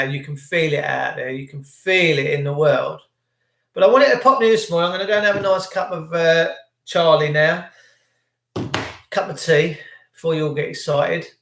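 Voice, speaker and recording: Vlogger, high male voice, ranting and emphatic, echoey room. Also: gravelly, fairly bright tone. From England. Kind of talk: casual monologue to camera.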